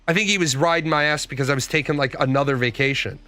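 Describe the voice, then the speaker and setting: A man's voice: on the high side, very fast, pushed and bright, soft background music. A middle-aged man giving blunt, profane opinions in casual commentary, answering his viewers' comments as a show host. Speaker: podcast host.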